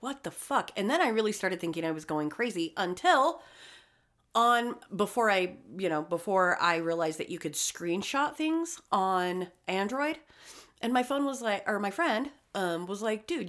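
A woman's voice: mid-range voice, expressive, unhurried, a bit bright. A woman in casual chat, telling a personal story with lots of swearing and acted-out quotes.

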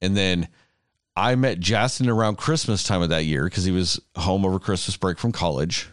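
A man's voice: low-pitched, normal speed, no room sound, clean studio sound. A man, rambling and swearing casually as a podcast host. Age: 30s. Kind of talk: casual chat.

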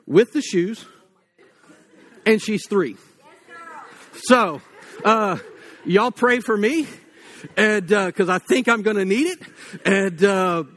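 A man, giving a casual, story-filled sermon full of fillers. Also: sits high. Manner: casual and anecdotal, many fillers like "like" and "you know". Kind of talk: conversational sermon.

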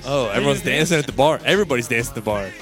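A man hosting a casual podcast, telling a story in a lively, profane way and acting out the quotes. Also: medium pitch, rapid-fire, over music. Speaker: podcast host. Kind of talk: casual chat.

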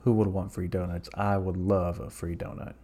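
A man's voice: low-pitched, moderate pace. Profane rambling young podcast man. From southern United States. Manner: profane, rambling, jokey deadpan bits. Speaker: podcast host. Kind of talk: comedic solo podcast monologue.

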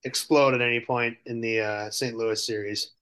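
Midwestern male co-host, medium pitch, halting delivery, dry wit. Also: fairly even intonation, fairly bright tone, smooth. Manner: hesitant, lots of fillers and restarts, dry humor. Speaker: podcast co-host. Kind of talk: casual sports podcast chat.

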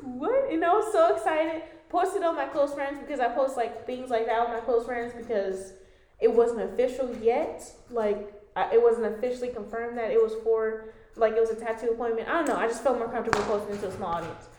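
A woman's voice: on the high side, steady tone, brisk, darkish tone. Chatty young woman swearing through a story. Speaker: podcast co-host. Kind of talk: casual chat. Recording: echoey room.

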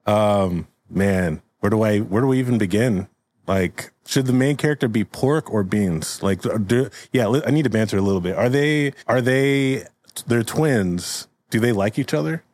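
Low-voiced man riffing casually. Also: normal speed, a little mellow, no room sound. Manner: rambling, laughs often, trails off. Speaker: podcast co-host. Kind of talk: casual comedic chat.

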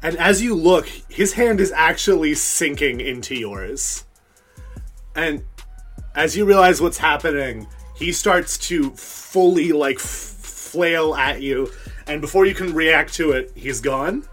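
A man's voice: fairly high pitch, expressive, slow pace, a bit bright, soft background music. A man narrating as game master in a tabletop role-play, in a loose, laid-back way.

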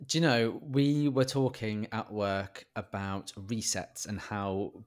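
A man's voice: fairly low pitch, steady tone, takes it slowly. A man in casual, rambling chat, joking and laughing often. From Britain.

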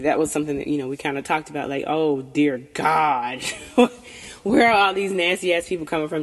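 Frank, profane woman in a reverberant room. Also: low-pitched. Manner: frank and profane, laughs often. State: tipsy from tequila. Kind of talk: candid casual chat.

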